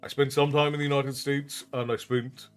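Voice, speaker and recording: A man's voice: mid-range voice, flat delivery, normal speed, clear, resonant tone, soft background music. A man with an unusual Irish accent, chatting with viewers on a live stream and answering their comments aloud. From Ireland. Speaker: storytelling streamer.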